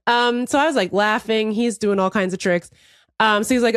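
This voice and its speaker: A woman's voice: fairly high pitch, normal speed, clean tone, no room sound, studio quality. A woman co-hosting a casual comedy podcast, telling a story with lots of laughs and acted-out quotes. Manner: animated storytelling, laughs often; swears casually, acts out quotes. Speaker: podcast co-host.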